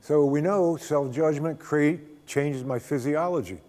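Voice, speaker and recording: An older man giving a spiritual talk as a guest speaker, a folksy, unhurried storyteller who often chuckles. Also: a little high, warm tone. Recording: long reverb of a hall.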